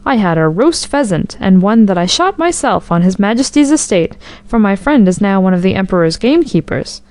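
A woman's voice: mid-range voice, big pitch swings, a little fast, a little mellow, no echo, close to an everyday voice. Woman doing an eager boastful young soldier. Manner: boastful, then frightened and stammering.

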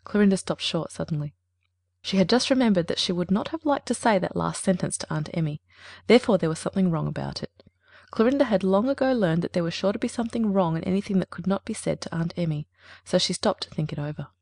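Gravelly woman reading a storybook. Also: lowish voice, animated, fast talker, darkish tone, dry recording, clean studio sound. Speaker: narrator. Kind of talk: storybook narration.

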